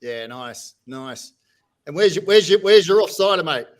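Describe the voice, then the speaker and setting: A man's voice: a little high, lively intonation, normal speed, low-quality recording. An Australian man hosting a casual video call chat, easygoing and laughing between lines. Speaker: host.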